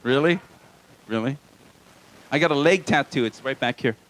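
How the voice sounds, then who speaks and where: A man's voice: medium pitch, normal speed, a bit bright. A man from Hawaii doing a live stand-up set in a small comedy club, with self-deprecating, wry asides to the crowd.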